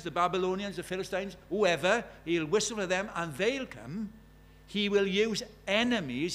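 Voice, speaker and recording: Male preacher, high voice, chatty sermon with questions to the pews, scripture read with rising force. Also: fairly bright tone. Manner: conversational, asks the congregation many questions.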